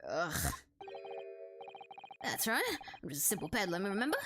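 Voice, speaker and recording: A rough-talking street peddler man, put on by a woman reading a game aloud, gruff and folksy in an ordinary register. He tacks "eh" and "lad" onto his lines. Game background music plays clearly under the voice. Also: medium pitch, huge pitch swings, normal speed. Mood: defensive.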